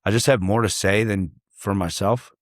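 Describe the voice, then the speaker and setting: A man's voice: on the low side, fairly even intonation, moderate pace, no room sound, clean studio sound. A man in casual podcast talk, reflective and loose, cursing freely and trailing into fillers. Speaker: guest, artist and songwriter.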